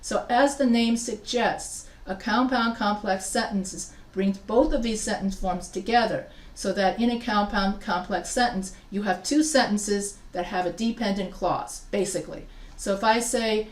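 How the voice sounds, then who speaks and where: Writing teacher lecturing in an echoey room. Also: female voice, medium pitch, a little slow, few pauses, recorded from a distance. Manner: chatty, repeats and restarts, checks in with students. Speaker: writing instructor. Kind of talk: live class lecture.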